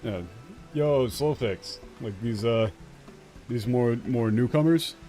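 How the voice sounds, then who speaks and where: A man's voice: medium pitch, a little slow, mellow, faint music behind. A young man commentating a game he is playing, translating the dialogue in a rambling, profane way with many fillers and restarts. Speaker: let's play streamer.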